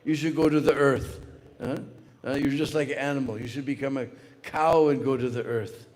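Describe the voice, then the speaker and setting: A man's voice: mid-range voice, steady tone, normal speed, darkish tone, big-room sound, close to an everyday voice. A man voicing an angry old sage who scolds and curses in an imperious way.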